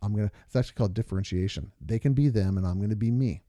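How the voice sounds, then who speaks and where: Speaking rapid-fire in a fairly low, mellow voice, this podcast co-host chats casually with his wife. In a studio-quality recording with no echo, he works earnestly through long examples and stories.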